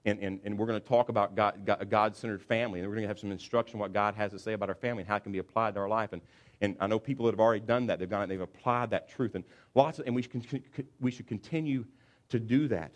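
A pastor delivers his sermon in a fairly low male voice. He tells a story with lively, acted-out asides and speaks to his congregation in plain, conversational words. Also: racing. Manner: animated storytelling, acts out football players.

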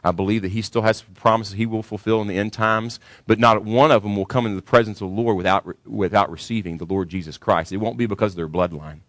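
Guy pastor giving a sermon, kinda low voice, gets loud and punchy on key points, dry close sound. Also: fairly even intonation, fast, few pauses, no echo. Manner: emphatic preaching, rising sharply when stressing a point.

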